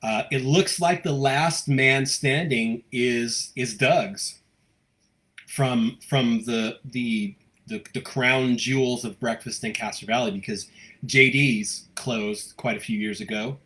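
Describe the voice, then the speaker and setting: A man's voice: mid-range voice, takes it slowly, a bit bright. A man hosting a live local news stream, chatting casually and reading out viewer comments, with many fillers and restarts. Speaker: host of a local news livestream.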